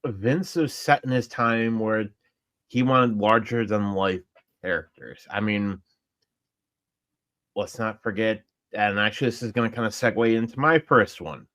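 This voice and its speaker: A man from upstate New York with a New York accent, co-hosting a casual wrestling podcast with quick, emphatic interjections. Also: on the low side, a bit bright. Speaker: podcast co-host.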